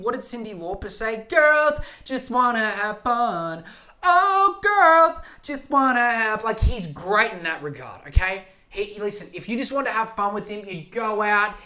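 An Australian man hosts a solo podcast in a high, sharp voice. He rants in a profane, rambling and emphatic way.

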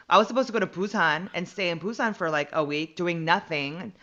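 A woman from the United States, a comedian guest telling a long story in casual chat, animated and full of fillers. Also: lowish voice, fast, few pauses, highs cut off. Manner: animated and rambling, many fillers.

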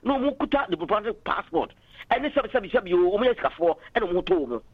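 A man's voice: sits high, expressive, a little fast, husky, no echo. A man calling in to a political radio talk show, arguing passionately and switching into English phrases, heard over a dull phone line. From Ghana.

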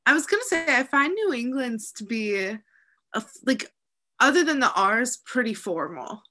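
A woman with a light Midwestern accent talks casually on a podcast and gives her opinions bluntly. Her voice is bright and forward, with a sharp edge. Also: on the high side, very animated, moderate pace. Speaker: podcast co-host. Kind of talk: casual chat.

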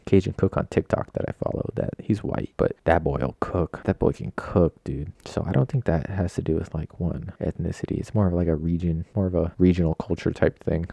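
A young man chats alone at his computer, his voice deep and dark-toned with a dry, close sound. He talks in a loose, slangy, self-deprecating ramble, jumping from one tangent to the next. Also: creaky, no room sound. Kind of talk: casual rambling monologue. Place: at home at a computer.

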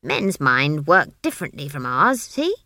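A woman's voice: low voice, big pitch swings, measured pace, bright, forceful tone, no echo, studio quality, voice pushed down, full character voice. A woman doing a blunt, stern old witch. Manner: blunt, scornful, commanding.

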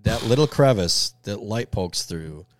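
A man's voice: on the low side, lively intonation, a little slow, dry recording. A man telling an earnest story in a casual podcast chat.

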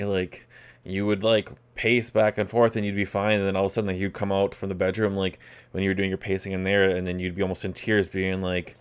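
A man who is the host's partner, speaking on a podcast in a halting way with many fillers and restarts. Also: deep voice, little pitch movement, clear, resonant tone. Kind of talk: casual conversation.

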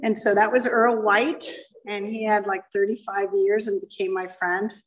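Middle-aged woman, plainspoken testimony, average pitch, mic a bit far off. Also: level tone, moderate pace. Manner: candid, plainspoken, self-deprecating. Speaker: speaker sharing her story at a recovery meeting. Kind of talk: personal testimony to a live audience. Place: meeting room. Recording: voice picked up from a distance.

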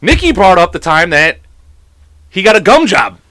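A man's voice: high voice, big pitch swings, moderate pace, pushed and bright, no echo. A young man co-hosting a podcast in casual chat, rambling through crude stories, laughing often and swearing freely. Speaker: podcast co-host.

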